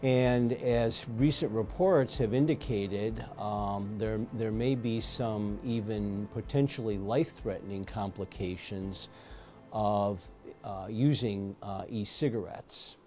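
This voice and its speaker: A man speaking as a pulmonologist in an interview, giving measured explanations with frequent ums and uhs. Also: lowish voice, warm tone, faint music behind. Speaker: pulmonologist guest. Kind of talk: medical interview answers.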